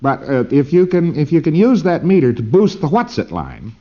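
A man's voice: on the high side, very animated, normal speed. A man giving an informal recorded lecture in a rambling way, often tagging his points with "see?", on a dull old lo-fi tape.

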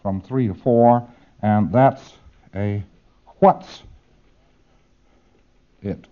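A man's voice: on the low side, slow, phone-quality sound. A man giving a demonstrative lecture, acting out exchanges with playful repetition.

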